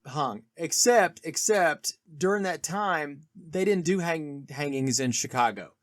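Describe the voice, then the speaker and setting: A man's voice: on the high side, measured pace, dry recording, studio quality. A man co-hosting a podcast, casually discussing a film and eagerly sharing trivia. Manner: chatty, trivia-heavy, animated retelling. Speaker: podcast co-host.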